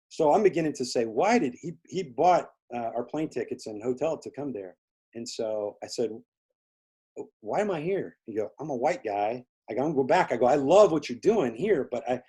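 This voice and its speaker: Mellow and mid-range with a touch of breathiness, a man from Indiana talks as an interview guest. His long, meandering story is loaded with fillers, and he acts out each person he quotes.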